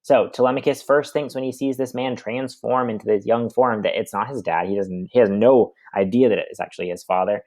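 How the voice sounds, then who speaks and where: A man's voice: medium pitch, steady tone, a little fast, hardly any pauses, darkish tone, dry recording. A young man teaching, reading passages aloud and then explaining them in casual words with fillers.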